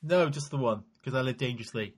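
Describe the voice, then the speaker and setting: A man's voice: mid-range voice, fast talker. A man hosting a podcast who makes dry, wry jokes in casual banter.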